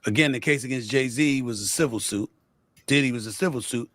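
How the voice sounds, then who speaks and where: A man gives deliberate commentary and carefully weighs each side. The sound is dry and close, and his voice sits at an ordinary middle pitch. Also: a bit bright, no echo. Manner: deliberate, weighs both sides. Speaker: sports show producer. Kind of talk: measured spoken commentary.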